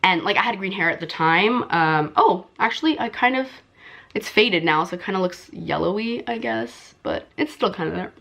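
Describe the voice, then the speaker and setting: A young woman vlogger telling a story in casual, filler-heavy chat, her voice jumping high when she relives excitement. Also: moderate pace, creaky. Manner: chatty, full of "like" and "um" fillers.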